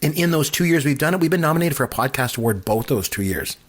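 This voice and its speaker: A man with a husky, slightly breathy voice hosting a casual podcast. He speaks earnestly and steadily, reassuring his co-host. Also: mid-range voice, expressive, quick pace.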